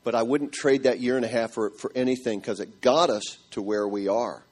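A middle-aged man telling a church audience his marriage story in an animated, storytelling way. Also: mid-range voice, brisk, slightly rough. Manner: animated storytelling, acting out quotes. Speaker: speaker giving a marriage testimony.

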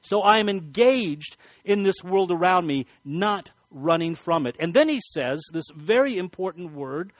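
A man preaching a sermon as pastor, emphatic and building to forceful commands. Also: high-pitched, animated, unhurried, hardly any pauses, no echo. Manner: emphatic, rising to shouted commands.

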